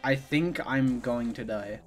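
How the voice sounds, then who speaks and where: A man streaming himself playing a video game, reacting out loud and swinging from low mumbles to sudden outbursts with lots of swearing. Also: slow pace, soft background music. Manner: excitable, profane, swings from mumbling to yelling. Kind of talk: live gaming commentary.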